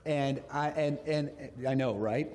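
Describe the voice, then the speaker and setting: A middle-aged man preaching a sermon, telling stories with lively delivery and acting out little voices. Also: a little high, measured pace, a crowd in the background. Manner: animated storytelling, acts out voices. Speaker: pastor. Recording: echoey hall.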